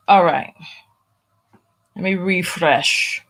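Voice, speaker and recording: A woman's voice: on the low side, drawn-out words, fairly bright tone. A woman hosting a livestream commentary show. She talks bluntly and emphatically, repeats phrases for weight, and reads viewer donations aloud between her own remarks. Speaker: host of a commentary channel.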